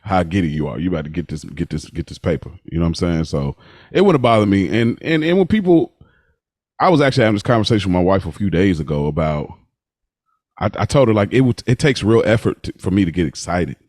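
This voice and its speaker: Lowish voice guy, dry close sound, slangy podcast chat, laughs a lot. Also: lively intonation, quick pace, darkish tone, no echo. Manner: laughing, slangy, easily amused. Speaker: podcast co-host. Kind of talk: casual chat.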